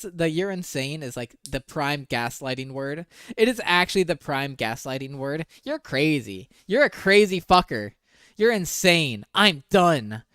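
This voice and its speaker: A male streamer reacting to screenshots, reading messages aloud in a flat mumble and breaking in with incredulous, profane commentary. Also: mid-range voice, clear, resonant tone, no room sound, studio quality.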